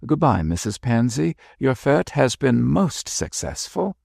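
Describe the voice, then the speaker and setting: A man's voice: medium pitch, very animated, gravelly, darkish tone, no echo, studio quality, voice pushed up, heavily acted. Man playing a suave, shaken old bishop. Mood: strained courtesy. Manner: suave, courteous, hurried. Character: dignified ageing bishop, suave but shaken.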